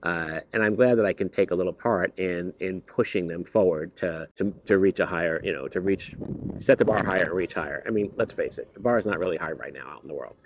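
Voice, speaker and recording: A man who is a high school teacher, talking casually to camera in an earnest, rambling way with many fillers and restarts. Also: a little fast, a little hiss or hum. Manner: turns lively and higher when driving a point home. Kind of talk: casual vlog talk to camera.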